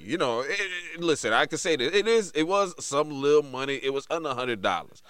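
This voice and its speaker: A middle-aged man telling a story on a podcast in a casual, animated way, slipping into other voices to act out quotes. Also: medium pitch, fast, few pauses, smooth, dry recording. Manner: animated, mimics voices in quotes, laughs often. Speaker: podcast co-host.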